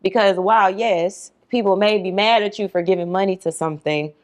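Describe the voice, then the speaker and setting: A woman's voice: medium pitch, fairly even intonation, fairly quick. A female podcast guest talking frankly in casual chat, with joking asides.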